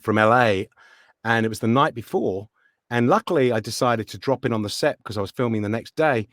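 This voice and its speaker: A man's voice: mid-range voice, brisk, no room sound, clean studio sound. A middle-aged man, an actor and voice actor, chatting casually as an interview guest and acting out voices as he tells stories. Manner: animated storyteller, acts out voices in anecdotes.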